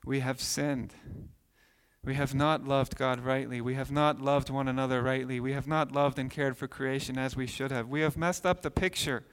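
A man in his thirties, a pastor preaching a sermon with animated storytelling, acting out voices. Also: medium pitch, normal speed, clean tone. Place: church sanctuary. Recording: long hall reverb.

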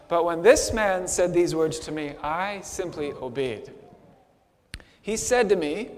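High-voiced man preaching in a reverberant hall. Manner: impassioned storyteller, swings from hushed to shouting. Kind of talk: first-person dramatic sermon monologue.

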